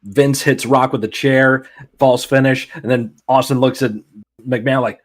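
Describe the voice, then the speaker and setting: A man's voice: medium pitch, steady tone, unhurried. A man co-hosting a wrestling podcast in casual, laughing chat. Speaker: podcast co-host.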